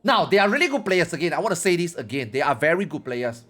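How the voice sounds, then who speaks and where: A man's voice: fairly high pitch, animated, fast, a bit bright. A male gaming streamer giving a casual opinion rant, rambling, repetitive and emphatic.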